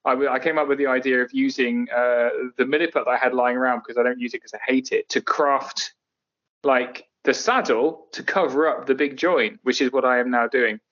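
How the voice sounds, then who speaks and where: A man's voice: medium pitch, steady tone, brisk, a bit bright, dull audio. A middle-aged man chatting as a podcast guest, sardonic and jokey as he tells stories. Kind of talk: casual chat.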